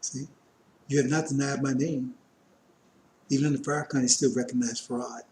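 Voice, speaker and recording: A man's voice: medium pitch, flat delivery, fairly quick, darkish tone, a little hiss or hum. Man teaching scripture in a roomy space. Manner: reads verses aloud and explains them loosely, with many asides. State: coughing, strained voice. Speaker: religious teacher.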